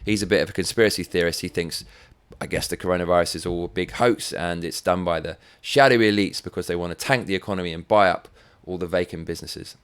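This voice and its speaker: A man's voice: low-pitched, fast, clear, resonant tone. An English man hosting his own show, delivering sweary, sarcastic commentary on the week's news. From England. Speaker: show host. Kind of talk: ranting commentary.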